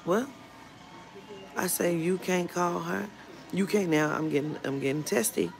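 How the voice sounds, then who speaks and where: A woman's voice: on the low side, a little slow, vocal fry, pauses often. A woman vlogger telling a storytime rant in a blunt, profane way. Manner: blunt and profane, retelling a run-in. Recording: music playing under the voice.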